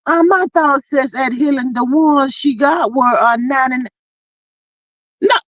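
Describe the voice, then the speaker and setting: A woman hosting a casual livestream, reading viewer comments aloud and telling stories with big pitch swings, drawn-out exclamations and frequent laughter. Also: fairly bright tone, no echo. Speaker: livestream host. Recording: dull lo-fi, dry sound.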